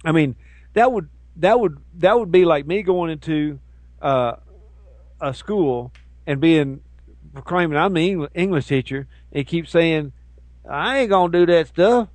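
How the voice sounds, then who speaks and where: A man co-hosting a casual talk show, ranting in an animated way and mocking people with put-on voices. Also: on the high side, measured pace, dry recording. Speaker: co-host. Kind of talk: casual chat show banter.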